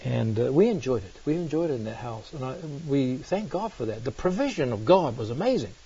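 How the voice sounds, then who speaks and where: Middle-aged New Zealand man preaching in a church, husky, lively storyteller, dull lo-fi recording. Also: medium pitch, fairly quick. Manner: animated, exclaiming "man" often. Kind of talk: sermon with personal storytelling.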